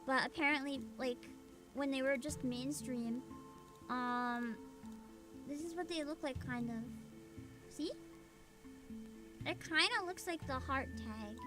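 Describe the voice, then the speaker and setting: A young woman streaming a game, reading it aloud and reacting with loud outcries and laughs. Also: high voice, slow pace, long pauses, over music. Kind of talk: casual gaming livestream.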